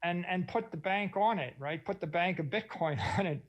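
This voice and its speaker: A man's voice: high-pitched, moderate pace, highs cut off. A middle-aged man speaking on a conference panel, enthusiastic and expansive, often slipping into quoted voices.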